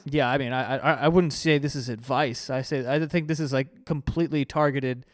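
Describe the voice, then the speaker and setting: A man's voice: medium pitch, fairly even intonation, normal speed, hardly any pauses. A man reacting to dating advice in a loose, crude, joking way, often laughing and doing mock voices. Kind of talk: casual reaction commentary.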